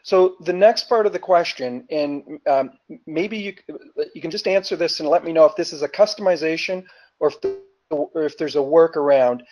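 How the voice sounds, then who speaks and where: A man's voice: a little high, normal speed, a little mellow, faint music behind, poor audio. A man in a webinar, describing what he needs and asking a question in a hesitant, casual way, full of ums and uhs.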